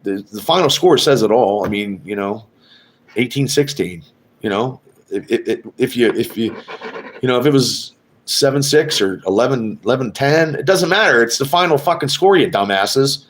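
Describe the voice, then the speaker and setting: This sports podcast host has a mid-range, expressive voice and a moderate pace, with a little hiss or hum in the audio. During a casual live-stream chat, he rambles and curses while trash-talking fans of rival teams.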